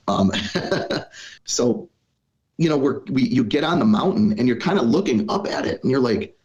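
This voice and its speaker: A man's voice: mid-range voice, unhurried, a little mellow. A middle-aged man from Wisconsin, a podcast guest telling his own story in an earnest, reflective way with plenty of "you know" fillers. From Wisconsin, US Midwest. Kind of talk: personal storytelling in conversation. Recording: slightly dull, lo-fi audio.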